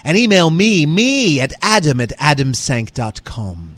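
A male comedian hosts his own podcast in loose, casual chat. His voice moves a lot in pitch, and he keeps teasing his co-host and sliding into put-on accents for a laugh. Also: sing-song, a little slow, fairly bright tone, no echo. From New York-based. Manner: playful, drifts into joking accents.

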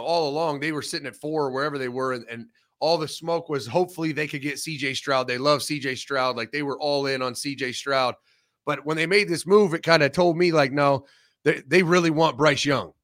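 A man's voice: on the high side, brisk, a bit bright. A man speaking as a guest on a sports show, blunt and opinionated, swearing a lot. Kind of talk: casual sports talk.

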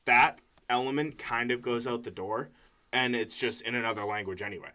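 A man's voice: medium pitch, brisk, bright, forceful tone. A man co-hosting a casual podcast, explaining film genres at length with many fillers. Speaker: podcast co-host. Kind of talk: casual chat.

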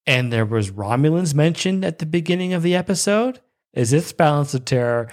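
A young man hosting a show, casually reviewing an episode with bursts of excited, high-pitched enthusiasm. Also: fairly quick. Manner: excitable, breaks into high-pitched squeals of delight.

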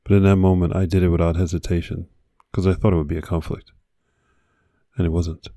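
A man's voice: low-pitched, flat delivery, a little fast, warm tone, no room sound, clean studio sound. A man hosting a podcast, delivering an earnest motivational monologue with repeated exhortations. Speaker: podcast host.

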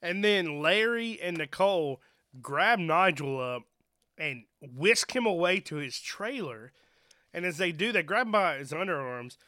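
A man's voice: a little high, expressive, unhurried, pushed and bright. A man co-hosting a podcast, casually and jokingly recapping a horror movie with some swearing. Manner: amused, joking, profane. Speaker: podcast co-host.

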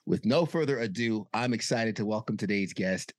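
A man's voice: on the low side, animated, normal speed, hardly any pauses, no room sound. A man hosting a podcast, with an upbeat, hype-style way of introducing guests and asking listeners to subscribe. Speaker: podcast host. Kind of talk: casual podcast chat.

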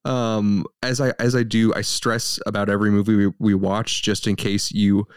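A man's voice: on the low side, normal speed, clear, resonant tone, no echo, studio quality. A man in his thirties co-hosting a podcast, joking and telling stories in casual chat. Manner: joking, animated storytelling. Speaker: podcast co-host.

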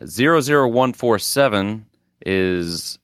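A man co-hosting a podcast, casually recapping strange videos in an animated way with some swearing. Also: lowish voice, slow, clean tone, dry recording, clean studio sound. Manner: animated storyteller, swearing, reading out clip numbers. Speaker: podcast co-host.

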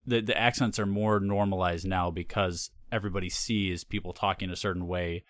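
Easygoing low-voiced man, dry sound. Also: fairly even intonation, fairly quick, no echo. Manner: easygoing, rambling, laughs often. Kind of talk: casual chat.

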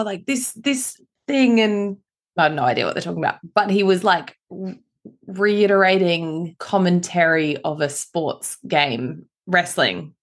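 A woman co-hosting a podcast, chatting about a TV episode and personal stories in an expressive, talkative way. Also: on the low side. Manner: chatty and expressive, quick to laugh. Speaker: podcast co-host. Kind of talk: casual chat recapping a TV show.

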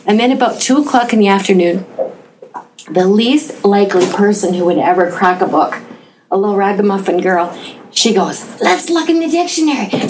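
A woman's voice: mid-range voice, a little mellow, slight background noise, poor audio. A woman who taught school recalling a classroom memory, amused and often laughing. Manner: amused, laughing through the telling. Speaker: teacher. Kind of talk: personal anecdote.

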